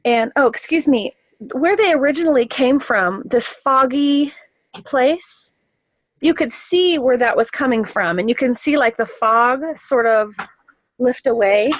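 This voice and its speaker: A woman's voice: sits high, unhurried, no echo, low-quality recording. A woman giving a casual spoken account of a vision she had. She talks earnestly and reflectively, often searching for words with fillers and restarts. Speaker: person sharing a vision.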